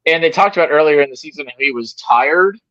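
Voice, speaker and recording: A man's voice: fairly high pitch, fast talker, fairly bright tone, highs cut off. A man co-hosting a sports podcast, speaking in a laid-back way with short, agreeing remarks. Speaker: podcast co-host. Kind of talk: casual sports chat.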